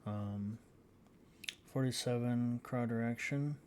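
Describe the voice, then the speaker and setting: A man giving casual gameplay commentary as a channel host, reading out results haltingly with frequent fillers. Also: medium pitch, darkish tone, slight background noise. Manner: halting, reads out scores with many fillers.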